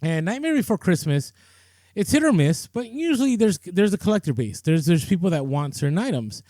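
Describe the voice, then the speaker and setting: A man's voice: high voice, sing-song, a little fast, warm tone, no room sound. A man co-hosting a podcast, telling a story in a loose, chatty way with lots of fillers and restarts. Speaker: podcast co-host. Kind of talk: casual storytelling chat.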